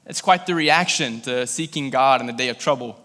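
Heard in a large hall, this male pastor from Kentucky speaks at medium pitch, fairly quickly, with a sharp tone. He tells stories in a relaxed, filler-heavy way, then grows intense and pleading when he moves into prayer.

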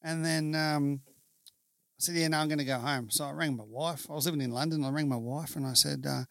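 A man's voice: fairly high pitch, fairly quick, creaky, a bit bright, no echo, studio quality. A man in a casual chat telling a story with humour, acting out what people said. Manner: jokey storyteller, acts out quotes.

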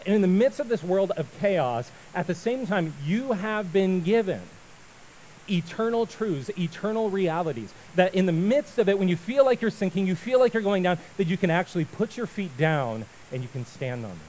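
Animated high-voiced man preaching. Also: moderate pace, slight background noise, low-quality recording. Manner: animated storyteller, acts out voices and shouts. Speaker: pastor. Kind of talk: sermon.

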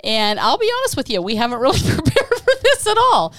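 A woman's voice: sits high, huge pitch swings, fairly quick, a bit bright, dry recording. A middle-aged woman co-hosting a family podcast, chatting casually and laughing often. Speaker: podcast co-host. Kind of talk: casual chat.

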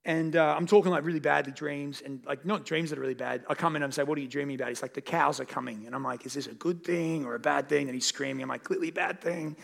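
Gravelly-voiced pastor preaching conversationally. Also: male voice, on the high side, steady tone, quick pace, hardly any pauses. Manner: conversational, builds to emphatic peaks. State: tired. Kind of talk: sermon.

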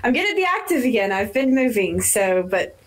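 A woman's voice: fairly high pitch, sing-song, brisk, low-quality recording. A woman playing in a tabletop game, introducing herself hesitantly with many ums. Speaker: player. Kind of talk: casual self-introduction.

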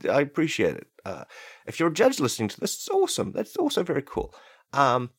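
A man hosting a solo comedy podcast, rambling from joke to joke and often breaking off mid-word. His voice is mid-pitched for a man. The recording is dry, with no room echo. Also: huge pitch swings, brisk, breathy edge. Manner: rambling, self-interrupting, jokey. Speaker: podcast host.

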